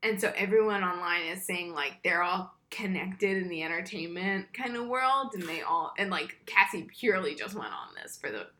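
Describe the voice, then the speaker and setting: A woman's voice: fairly low pitch, lively intonation, moderate pace, hardly any pauses, sharp tone. A woman co-hosting a podcast, gossiping casually and giggling, with lots of "like". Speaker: podcast co-host. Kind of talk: casual chat.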